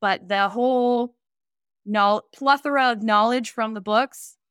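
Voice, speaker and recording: A woman in her twenties with a fairly high, slightly bright, smooth voice speaks at an unhurried pace, recorded dry with clean studio sound. She's a guest on a casual podcast interview, chatting candidly about starting her vacation rental business with playful banter.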